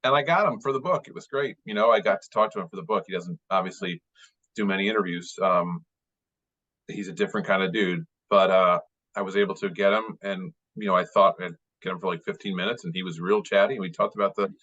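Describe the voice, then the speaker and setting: A man's voice: low-pitched, fast, sharp tone. A man in his late forties, a guest baseball writer, talking casually in an interview, chatty and rambling with many fillers and restarts. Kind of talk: casual interview over video call. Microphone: video call. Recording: dull lo-fi video call audio.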